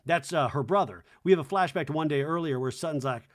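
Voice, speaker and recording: A man's voice: fairly high pitch, fast talker, few pauses. A man hosting a podcast, giving a wry, chatty recap of a reality show. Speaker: podcast host.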